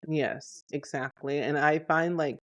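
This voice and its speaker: A man's voice: a little high, fairly even intonation, unhurried, fairly bright tone. A man hosting a casual interview, enthusiastic and peppering his questions with "like". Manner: enthusiastic, heavy use of "like". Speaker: podcast host.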